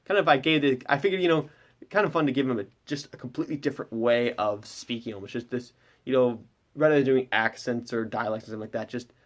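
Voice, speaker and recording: A man's voice: mid-range voice, fast. Rambling man recapping a game session. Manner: rambling, heavy with fillers like "kind of". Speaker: game master. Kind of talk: casual recap of a tabletop session.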